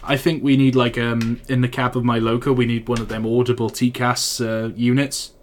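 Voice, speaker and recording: A man's voice: medium pitch, little pitch movement, normal speed. Joking Welsh man live-streaming a game. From Wales. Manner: chatty and teasing, answers chat messages. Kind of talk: casual live-stream commentary. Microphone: desk microphone.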